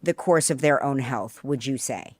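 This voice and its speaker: A woman's voice: extremely low pitch, moderate pace, darkish tone, no room sound. A woman hosting a casual interview chat, reacting briefly and asking questions attentively. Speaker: host.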